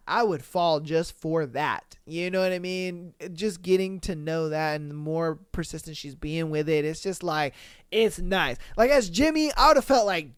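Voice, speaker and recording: A man hosting a podcast, giving casual, animated, slangy commentary and laughing often. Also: a little high, measured pace, clear, resonant tone, no room sound, clean studio sound. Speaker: podcast host. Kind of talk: casual reality-show commentary.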